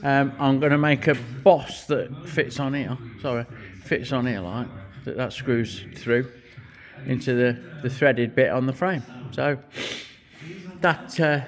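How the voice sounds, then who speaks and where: A man's voice: mid-range voice, a little slow. A middle-aged man, giving a muttered, swearing running commentary as he works in a cold workshop. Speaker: custom motorcycle builder.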